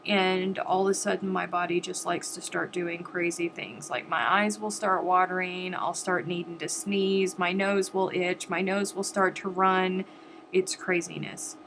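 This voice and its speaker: A woman's voice: on the low side, level tone, measured pace, a bit bright, a little hiss or hum, poor audio. Sniffly woman hosting a casual live stream. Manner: chatty and rambling, addressing viewers directly. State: sniffly, stuffed-up nose. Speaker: crochet live-stream host.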